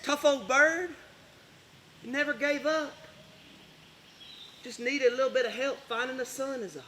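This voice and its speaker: A man's voice: very high voice, moderate pace, bright, forceful tone, slight background noise. A man playing a rambling veteran. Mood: gentle storytelling. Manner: folksy drawl, rambling, turns from joking to raw. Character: down-on-his-luck Appalachian veteran, rambling and bitter. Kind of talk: dramatic monologue.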